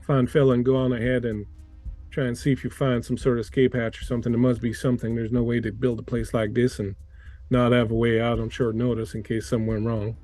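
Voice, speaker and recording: A man's voice: mid-range voice, flat delivery, quick pace, dark tone, soft background music, close to an everyday voice. A man voicing a protective mutant leader of wounded captives, speaking firmly with a folksy turn of phrase. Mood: urgent.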